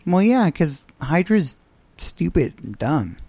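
A man's voice: a little high, big pitch swings, takes it slowly, dark tone, slightly rough, no echo. A man co-hosting a casual podcast, bantering bluntly and swearing. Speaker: podcast co-host. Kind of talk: casual chat.

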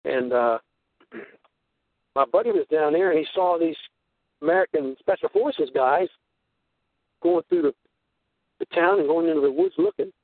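Sing-song and unhurried, an older radio host speaks on the high side with long pauses, rambling through conspiracy stories while acting out the voices he quotes. The dry recording has a tinny phone-line radio sound.

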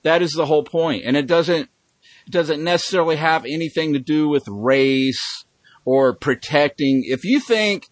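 A man's voice: on the high side, moderate pace, dry recording. A man hosting a podcast in casual chat, rambling and swearing with emphatic bursts. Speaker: podcast host.

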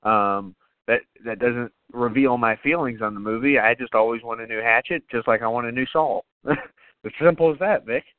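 A man co-hosting a podcast, chatting casually and profanely about horror movies with excitement and jokes. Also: mid-range voice, normal speed, dry recording, narrow, tinny audio. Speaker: podcast co-host.

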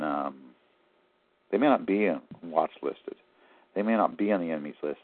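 Low-voiced male guest, rambling and aggrieved, very lively pitch, tinny phone sound. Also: dry recording. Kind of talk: phone-in interview.

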